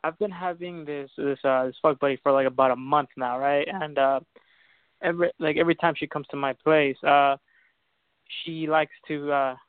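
A man's voice: fairly high pitch, fairly even intonation, moderate pace, clean tone, no room sound. A man calling in to an advice show, speaking hesitantly with many fillers. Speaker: caller. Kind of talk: call-in question. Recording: dry phone line.

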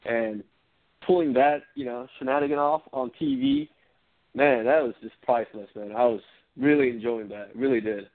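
A man co-hosting a casual combat sports podcast, animated and laughing often. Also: mid-range voice, moderate pace. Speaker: co-host. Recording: phone-like narrow sound.

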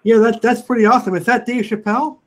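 A man's voice: extremely high pitch, flat delivery, quick pace. A man hosting a casual internet radio show, upbeat and repeatedly thanking callers. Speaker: host.

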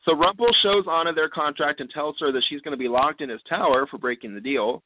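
A man's voice: a little high, fast talker. Man recapping over a tinny line. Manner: chatty, recaps at length with playful asides. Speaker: podcast co-host recapping an episode. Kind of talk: casual podcast chat. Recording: tinny phone-like line with faint hiss.

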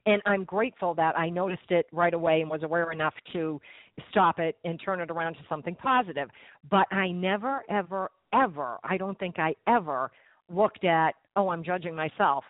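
A host chats reflectively on the radio in a mid-pitched voice. The sound is thin and phone-like, and completely dry. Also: moderate pace, no room sound. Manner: chatty and reflective. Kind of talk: casual radio interview talk.

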